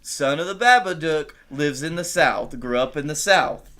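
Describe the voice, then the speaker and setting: A man's voice: a little high, lively intonation, fairly bright tone. A man co-hosting a comedy podcast, riffing with stop-start questions and mock-interview bits. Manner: quick, halting questions, playing a mock interviewer. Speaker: podcast co-host. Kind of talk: improvised comedy banter.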